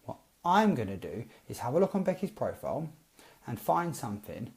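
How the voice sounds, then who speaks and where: Chatty man with a mellow voice. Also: medium pitch, moderate pace, creaky. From Britain. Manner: chatty, animated, acts out both sides of text chats. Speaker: network marketing coach. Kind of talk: casual live-stream advice.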